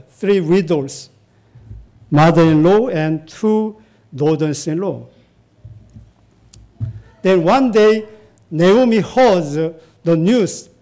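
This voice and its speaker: A male preacher teaches from scripture in a halting, deliberate way, pausing often and repeating his phrases. His voice is high and mellow. He speaks slowly. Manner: halting, with frequent pauses and repetitions. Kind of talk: Bible teaching sermon.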